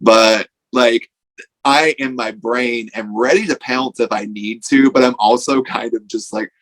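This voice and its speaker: A man's voice: medium pitch, fairly even intonation, measured pace, a bit bright, rough recording. A man, a wrestler guest on a podcast, telling a casual story with lots of "like" and acted-out quotes. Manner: rambling storytelling full of "like", acting out quotes.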